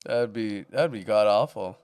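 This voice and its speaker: A man's voice: lowish voice, measured pace, a little mellow, smooth. A man co-hosting a podcast, chatting casually, laughing often and swearing while he jokes. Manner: laughs often, joking and profane. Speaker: podcast co-host. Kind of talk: casual chat.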